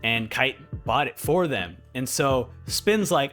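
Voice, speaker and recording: A young man in casual review commentary, excitable, swinging between hyped and somber as he talks. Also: medium pitch, slow pace, soft background music. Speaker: anime reviewer.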